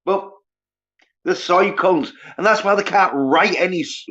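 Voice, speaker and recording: Man, livestream host, profane scornful rant, unhurried delivery, muffled lo-fi audio. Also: sits high, a bit bright. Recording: dull lo-fi sound.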